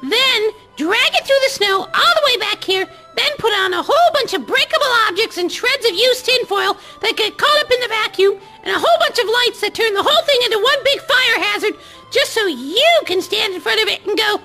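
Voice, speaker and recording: A woman voicing a playful, childish male sock puppet who rambles and jokes mischievously, in a squeaky, gravelly voice. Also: expressive, fairly quick, pushed and bright, soft background music, heavily acted.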